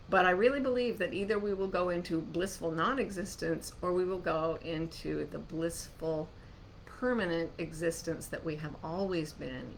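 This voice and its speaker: A woman hosting a live online gathering, answering listener questions in an animated, reassuring way. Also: lowish voice, slight background noise. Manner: warm, animated, soothing when slowing down.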